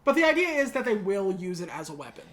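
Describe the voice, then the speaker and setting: A woman hosts a podcast and recaps a movie in loose, casual chat. She sounds wry and sarcastic and fills her talk with "like" and "uh." Her voice sits at a middle pitch. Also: very animated. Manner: wry and sarcastic, with filler words and quick asides.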